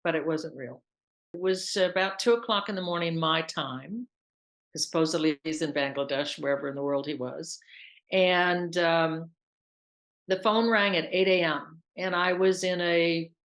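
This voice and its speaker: A woman's voice: fairly low pitch, moderate pace, fairly bright tone. A woman telling her own story as an interview guest, earnest and intense, repeating herself for emphasis. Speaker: interview guest, scam victim. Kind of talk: emotional personal account.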